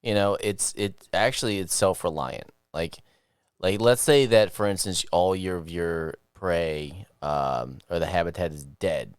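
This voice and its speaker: A man's voice: low voice, unhurried, clean tone, no echo, studio quality. A man co-hosting a podcast in casual chat, rambling, trailing off mid-sentence and laughing often. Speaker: podcast co-host.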